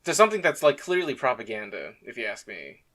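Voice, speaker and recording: A man's voice: medium pitch, sing-song, fast talker, bright, forceful tone. A man co-hosting a casual review chat, laid-back, laughing often and swearing freely. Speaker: podcast co-host.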